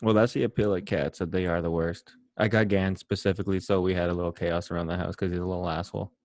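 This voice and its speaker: Low-voiced laid-back man leading chat. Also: steady tone, fast, darkish tone. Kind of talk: casual chat.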